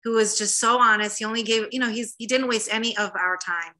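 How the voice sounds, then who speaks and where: Woman in her 30s telling her story, bright tone, gets animated and does people's voices. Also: a little high, a little fast. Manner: animated, acts out quoted voices. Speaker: interviewee, therapist. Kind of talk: emotional personal story.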